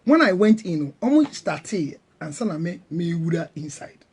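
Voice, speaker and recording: Middle-aged Ghanaian man, defensive and emphatic, husky with a lively pitch. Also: moderate pace. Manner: defensive, emphatic, mixes English and Twi. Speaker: guest counselor. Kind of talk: heated panel discussion.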